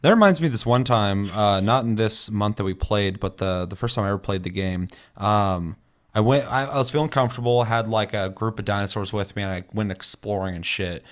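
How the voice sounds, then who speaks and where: A young man with a lowish voice talks briskly as co-host of a gaming podcast. In casual chat he spins long, meandering stories packed with swearing.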